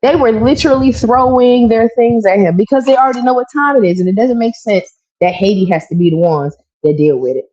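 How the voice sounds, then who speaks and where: A woman's voice: a little high, fairly quick, warm tone. A woman co-hosting a podcast, ranting in casual, profane slang. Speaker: podcast co-host. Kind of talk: casual political chat. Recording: dull lo-fi stream audio.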